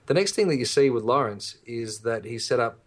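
A man's voice: medium pitch, animated, brisk. A man co-hosting a podcast, talking earnestly and encouragingly to listeners and his co-host. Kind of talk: casual podcast chat.

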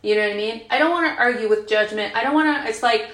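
A woman in her fifties talks frankly at a recovery group retreat, her voice a little high, quick and a bit bright. She chats casually with plenty of fillers, sharing with the group in a meeting room, and the recording sounds roomy and imperfect.

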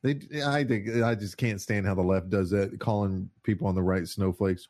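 A man's voice: low-pitched, steady tone, normal speed, darkish tone. A man ranting in casual political commentary, sarcastic and mocking, swearing often and laughing often.

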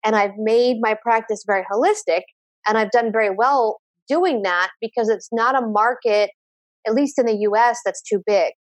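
A woman addiction therapist, guest on an interview podcast, telling her own story in an animated way and repeating phrases for emphasis. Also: on the high side, normal speed, no echo. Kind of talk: conversational interview.

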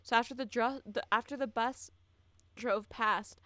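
A woman's voice: a little high, steady tone, unhurried, fairly bright tone, dry recording. A woman co-hosting a podcast, telling a true-crime story in blunt, profane, casual chat full of fillers.

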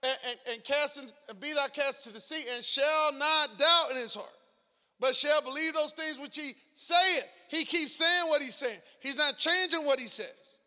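A middle-aged man preaching in a very high, piercingly bright voice, climbing into shouts and hammering the same phrases again and again. His sermon rings out with a long reverb in a church hall. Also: normal speed. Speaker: pastor.

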